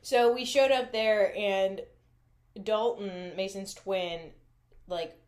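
A woman's voice: medium pitch, takes it slowly, darkish tone. A young adult woman co-hosting a podcast, telling stories in casual chat with lots of laughter and swearing. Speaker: podcast co-host.

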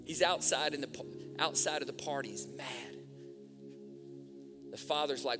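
A man preaching a sermon in a church, impassioned, swinging from hushed appeals to shouted fervor. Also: mid-range voice, moderate pace, long pauses. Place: church hall. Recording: music, long hall reverb.

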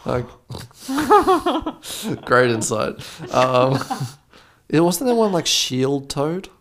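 A man co-hosting a podcast in casual chat, playful and joking, quick to laugh. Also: on the high side, huge pitch swings, a bit bright. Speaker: podcast co-host.

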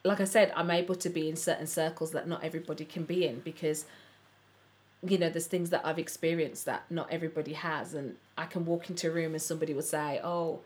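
A woman's voice: sits low, fairly even intonation, quick pace, a little mellow. A woman co-hosting a podcast, talking in an earnest, reflective way. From English Midlands. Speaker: podcast co-host. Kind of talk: casual chat.

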